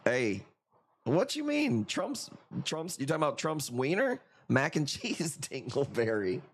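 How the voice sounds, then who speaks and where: A man hosting a live coral auction stream, chatting casually with viewers in profane, joking, rambling banter. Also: fairly high pitch. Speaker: livestream coral auction host. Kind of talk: casual live sales chat.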